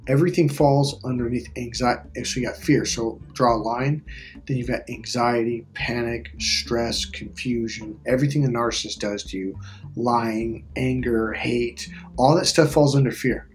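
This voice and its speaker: A man's voice: mid-range voice, steady tone, moderate pace, faint music behind. A middle-aged man talking casually as a relationship coach, emphatic and repetitive, swearing freely. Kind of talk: casual talk to camera.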